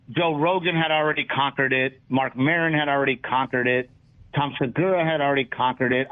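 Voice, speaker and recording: A man, a comedian guest in a casual interview, telling lively stories and acting out what people said. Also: fairly high pitch. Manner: animated storyteller, acts out quotes. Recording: tinny phone-like line.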